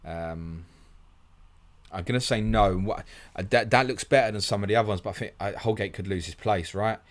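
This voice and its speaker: A deep-voiced man hosts a live fantasy football question stream. He reads questions out quickly and answers them in a blunt, matey way, tossing in "mate" at every turn. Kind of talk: fast live Q&A reading viewer questions.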